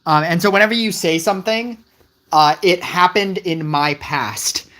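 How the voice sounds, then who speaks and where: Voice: mid-range voice, moderate pace. Rambling, puzzled game streamer. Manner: rambling and puzzled, many restarts; wry, gently teasing the chat. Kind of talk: casual live-stream chat.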